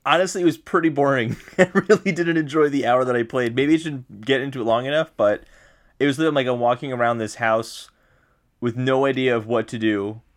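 A man co-hosting a gaming podcast in casual chat, easygoing and quick to laugh. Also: medium pitch. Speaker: podcast co-host.

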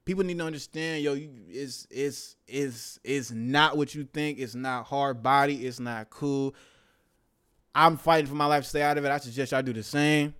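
Slangy animated young man, smooth voice. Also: medium pitch, normal speed. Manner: slangy, profane, animated rants. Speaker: podcast host. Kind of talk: casual monologue.

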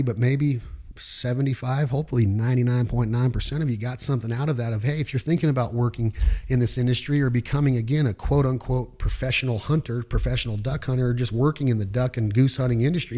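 A man's voice: medium pitch, warm tone. A man hosting a podcast, talking casually in a fired-up, preachy pep-talk way with slang and swearing. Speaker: podcast host.

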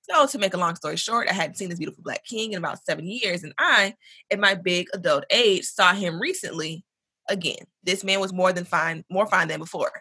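Husky, bright-voiced woman co-host. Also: fairly low pitch, brisk, no room sound. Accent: African American English. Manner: animated, profane, laughs often. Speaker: podcast co-host. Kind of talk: casual podcast chat, reading a listener email aloud.

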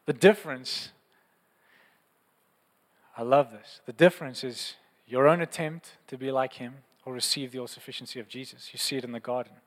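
A man's voice: mid-range voice, fairly even intonation, normal speed, long pauses, big-room sound. A man preaching a sermon in an earnest, passionate, conversational way, often repeating phrases. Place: church.

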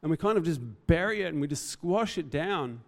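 An earnest man preaches, his voice sitting a little high for a man. He talks in a reflective, heartfelt way and speaks off the cuff. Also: expressive, brisk, big-room sound. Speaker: pastor. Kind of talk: sermon.

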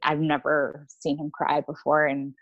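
A woman's voice: low-pitched, completely flat delivery, unhurried, no room sound, lo-fi sound. A young woman telling a personal story in casual chat, with many fillers and restarts. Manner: rambling, lots of fillers and restarts. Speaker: podcast guest.

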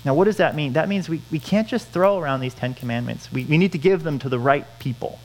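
A man's voice: fairly high pitch, quick pace, poor audio. A man preaching a sermon, earnest, repeating key phrases for emphasis. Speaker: pastor.

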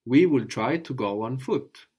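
A man's voice: mid-range voice, lively intonation, a little slow, a little mellow, husky. Patient male tutor running a guided lesson, prompts and recaps, frequent "no?" check-ins. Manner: patient, often ends with a questioning "no?". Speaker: language teacher.

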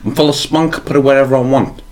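A man's voice: medium pitch, fairly even intonation, fast talker, a little mellow. A man co-hosting a comedy podcast, rambling and laughing in an improvised bit. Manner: laughing a lot, playing a rambling detective. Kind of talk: improvised comedy role-play.

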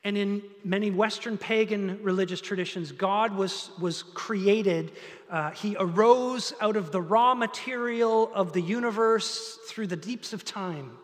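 High-voiced preacher in a reverberant hall. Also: male voice, unhurried. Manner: animated, building to loud emphatic peaks. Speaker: pastor. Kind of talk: sermon. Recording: long reverb of a large hall.

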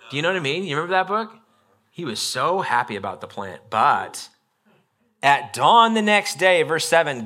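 A man's voice: fairly high pitch, pushed and bright. A man giving a conversational sermon as pastor, reading scripture aloud and acting out the people in the story. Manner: conversational preaching, acts out Bible figures and a parent; reads scripture aloud with emphasis.

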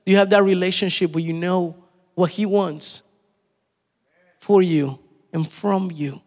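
A man's voice: high-pitched, steady tone, unhurried, darkish tone, big-room sound. A man preaching a sermon, repeating his points with emphasis and asking his listeners questions. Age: adult.

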